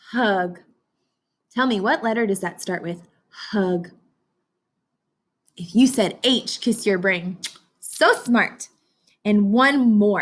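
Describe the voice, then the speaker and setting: A woman's voice: mid-range voice, slightly rough. Young woman teacher, sing-songy and bouncy, coaxing little kids through letter sounds. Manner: sing-song, encouraging, talks to kids as if they can answer. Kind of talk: read-aloud phonics lesson for young children.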